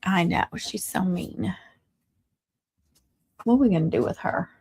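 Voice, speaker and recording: A woman's voice: fairly low pitch, measured pace, vocal fry, darkish tone, slightly rough, no echo, studio quality. A woman hosting a crafting livestream, chatting casually and teasing her viewers with frequent laughs. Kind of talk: casual live-stream chat.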